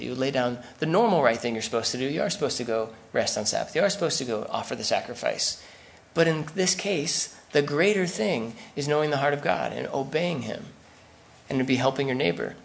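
A pastor delivers a sermon in a relaxed, conversational way, and every so often he acts out the voices of the people in his examples. His voice sits at an ordinary pitch for a man and carries a noticeable gravelly rasp.

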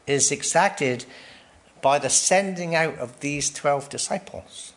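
Slow and fairly bright, a slightly high male voice delivers a conversational sermon. The preacher asks his congregation questions, tacks "right?" onto his points, and lets out light laughs between phrases.

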